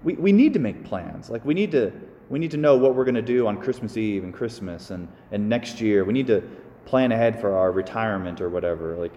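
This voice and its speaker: A priest giving a casual, animated homily to his congregation, with sighs and small asides. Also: fairly low pitch, brisk, few pauses, in a large hall, highs cut off. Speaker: Catholic priest. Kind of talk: conversational homily.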